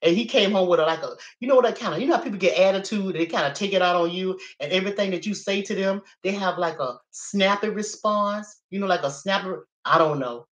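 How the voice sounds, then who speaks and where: A woman tells a story to her live viewers in a chatty, animated way, swearing freely. Her voice sits in a middle pitch. The room around her gives it a noticeable echo. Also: fast, few pauses. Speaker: livestream host. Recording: roomy echo.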